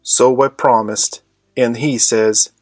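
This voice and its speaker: A man narrating an audiobook in a measured storytelling manner. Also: mid-range voice, fairly even intonation, a little mellow, no room sound, soft background music.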